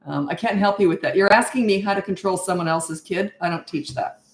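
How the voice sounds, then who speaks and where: In a live session answering viewer questions, a middle-aged woman offers parents blunt, no-nonsense coaching laced with rhetorical questions. She speaks briskly in a mid-range voice, and the recording sounds roomy.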